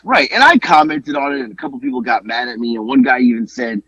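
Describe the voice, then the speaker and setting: A man co-hosting a casual podcast, telling stories with lively exclamations and some swearing. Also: medium pitch, quick pace, slightly rough, no echo. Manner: animated storytelling, swearing, exclamations. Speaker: podcast co-host. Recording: dull lo-fi dry podcast audio.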